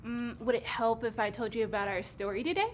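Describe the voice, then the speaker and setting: A woman co-hosting a kids' church show, patiently telling a Bible story in a gentle, amused way. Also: fairly high pitch, brisk, slight background noise.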